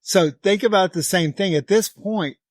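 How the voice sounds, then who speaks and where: A middle-aged man with an Oklahoma accent, rambling through a casual podcast chat. He leans on words emphatically and drags some out for effect. His voice sits a little high, recorded close and dry. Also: normal speed, no room sound. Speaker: podcast co-host.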